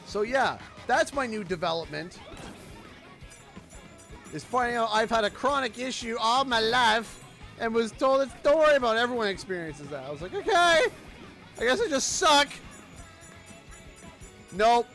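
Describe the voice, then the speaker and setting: A man from Canada chatting casually on a game livestream, telling a story with lively quoted voices. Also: very high voice, moderate pace, vocal fry. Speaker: streamer. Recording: faint music behind.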